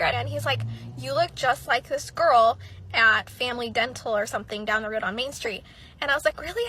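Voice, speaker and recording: A woman's voice: a little high, a little fast, sharp tone, breathy edge, low-quality recording. A woman telling a casual story, chatty, acting out the dialogue of the people in it. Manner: chatty, acts out quoted dialogue.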